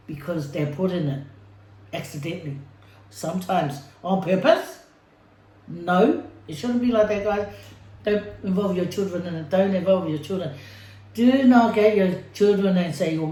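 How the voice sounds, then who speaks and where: A chatty woman vlogger, talking to her viewers between bites of food. Her voice sits low and mellow, and it bounces around a reverberant room at home. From Samoa. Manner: chatty, playful, talking while eating. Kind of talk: casual mukbang chat. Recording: echoey room.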